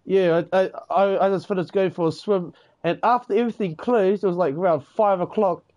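Rambling New Zealand man, mellow voice. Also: high-pitched, a little fast, muffled recording. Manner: rambling, swears freely, peppers talk with "eh" and "bro". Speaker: gamer in voice chat. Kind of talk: casual chat.

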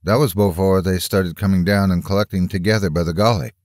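A hoarse, frightened young husband, guarded and defensive, as a man acts him out. It is read in a deep, dry storybook voice. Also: fairly even intonation, brisk, darkish tone, dry recording, close to an everyday voice. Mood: tense, defensive.

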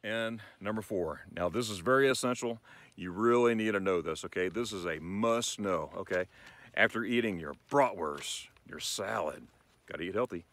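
A man hosting a casual vlog lesson on ordering food in German, talking in a playful, enthusiastic way and slowing down for the German phrases. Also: fairly low pitch, expressive, vocal fry, a bit bright. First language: English. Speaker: channel host teaching German phrases.

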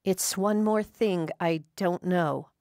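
A woman's voice: fairly low pitch, darkish tone, dry recording, clean studio sound. A woman reading a bewildered older woman. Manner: bewildered, hesitant, slow. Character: confused older woman, injured amnesiac patient.

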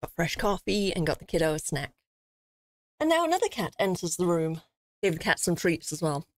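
A woman streamer giving loud, excitable commentary while playing a game, swearing freely. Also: fairly low pitch, fairly quick, a little hiss or hum. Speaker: gaming streamer. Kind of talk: live let's-play commentary.

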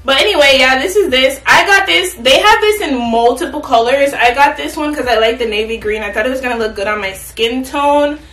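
Chatty high-voiced young woman in a roomy space. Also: a little fast, hardly any pauses, fairly bright tone. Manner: chatty, playful, talks straight to viewers. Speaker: fashion vlogger. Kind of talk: casual try-on haul chat. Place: at home, in an echoey room. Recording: roomy, from a distance.

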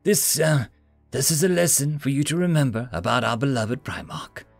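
A man's voice: mid-range voice, animated, normal speed, vocal fry, no echo, soft background music. A man voicing a proud, scheming female alien podmother who talks in a haughty, hissing way. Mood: conspiratorial.

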